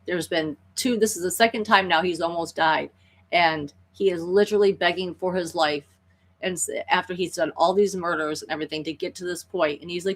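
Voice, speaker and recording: Brief: a chatty woman vlogger retelling a story, rambling, lowish voice. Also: a little fast. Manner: animated, rambling, many restarts. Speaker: spiritual vlogger.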